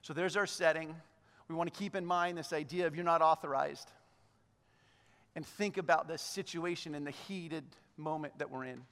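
A man preaching a sermon, animated, acting out the lines of the figures he talks about. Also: normal speed, clean tone, long reverb tail. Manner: hushed, low voice in prayer. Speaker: pastor.

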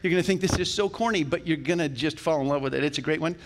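Animated pastor preaching in a reverberant church. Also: male voice, fairly high pitch, rapid-fire, background noise. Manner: conversational and animated, with jokes aside. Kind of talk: sermon. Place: church sanctuary. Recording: long reverb of a church hall.

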